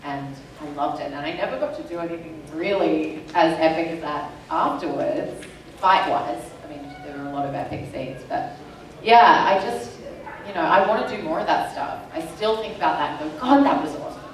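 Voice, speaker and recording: A woman's voice: low voice, moderate pace, a little hiss or hum. A woman on a convention panel, chatting in an enthusiastic, rambling way. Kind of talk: casual panel chat. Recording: echoey hall from far off.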